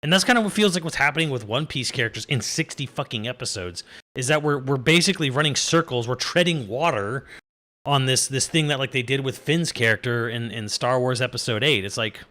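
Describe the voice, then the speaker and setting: A man's voice: mid-range voice, lively intonation, a little fast, bright, forceful tone. A young adult man giving a casual, exasperated review, swearing freely and laughing as he rambles. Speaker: video reviewer. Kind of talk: casual rant.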